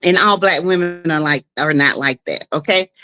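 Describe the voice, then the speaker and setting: A woman's voice: sits low, normal speed, pushed and bright. A woman hosting a casual live stream from her home, chatting with viewers, greeting them by name and laughing often. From South Carolina. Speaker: livestream host.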